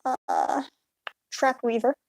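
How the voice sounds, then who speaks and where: A woman's voice: sits high, wildly swooping pitch, slow, creaky, a little mellow, dry recording, rough recording. A young woman streaming her art, chatting casually with viewers in a rambling, absent-minded way from a hotel room. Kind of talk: casual chat with live chat while drawing.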